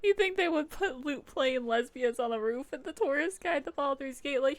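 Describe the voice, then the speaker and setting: A woman's voice: sits high, animated, normal speed, hardly any pauses, dry recording. A woman streaming a video game live, reacting with gushing, giggly, emotional commentary. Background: game music.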